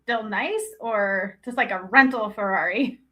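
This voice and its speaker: A woman co-hosting a call-in show, giggling often and adding quick quips. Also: medium pitch, fairly bright tone.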